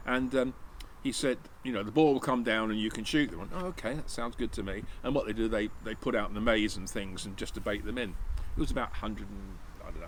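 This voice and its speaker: A channel host with a lowish male voice tells a hunting anecdote in a casual, rambling way, restarting often and acting out what people said. The recording is rough, with a little hiss or hum.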